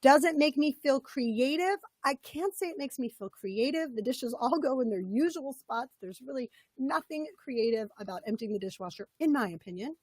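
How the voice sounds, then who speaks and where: A woman's voice: sits high, expressive, normal speed, hardly any pauses, darkish tone, breathy edge, no room sound. Upbeat woman coach with a scratchy voice. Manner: upbeat, conversational, repeats key points. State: scratchy, froggy voice. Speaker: webinar presenter and coach. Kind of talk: live webinar talk.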